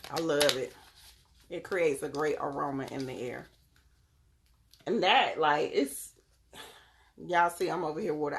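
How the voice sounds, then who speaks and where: Her voice is deep with a bit of brightness. She's a young live-stream host at home on her phone, chatting with viewers by name while showing off the crystals and readings she sells.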